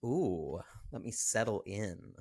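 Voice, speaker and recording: A young man co-hosting a podcast, chatting casually about a movie and pausing with ums as he talks. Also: fairly low pitch, very animated, darkish tone. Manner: hesitant, many ums and throat clearing. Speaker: podcast co-host.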